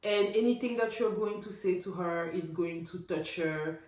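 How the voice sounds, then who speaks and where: A woman's voice: lowish voice, moderate pace. Opinionated woman vlogger in an echoey room. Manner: opinionated, animated, rhetorical. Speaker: recap vlogger. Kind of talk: casual reality TV recap.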